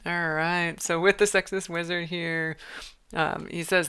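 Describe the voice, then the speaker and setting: Chatty woman with a gravelly, bright voice. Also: lowish voice, flat delivery, measured pace. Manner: chatty, thinks aloud, self-amused. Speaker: author and streamer. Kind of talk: livestream writing commentary.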